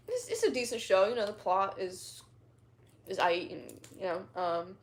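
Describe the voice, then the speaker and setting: A woman's voice: a little high, huge pitch swings, normal speed, slight background noise. A young woman chatting casually with her followers, rambling in slang, laughing often and retelling stories dramatically. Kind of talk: casual chat.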